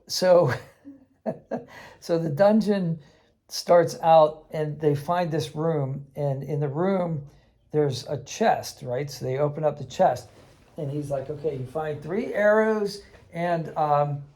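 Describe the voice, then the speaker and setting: A man casually recounting a tabletop game he ran for kids, animated and laughing, acting out the voices he quotes. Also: on the high side. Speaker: game master teaching kids. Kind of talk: casual anecdote storytelling.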